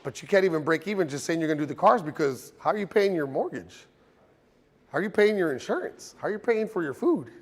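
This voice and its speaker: A man runs a car detailing class in front of a live group. His voice sits a bit high. He teaches in a loose, joking way, with plenty of stories. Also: very animated, fast talker, in a large hall. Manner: casual, joking, storytelling.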